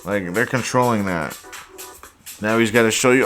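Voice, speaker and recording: Low-voiced, exasperated young man. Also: normal speed, long pauses, a bit bright, soft background music. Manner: exasperated, profane, heavy use of "like". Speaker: host. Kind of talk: casual football highlights reaction.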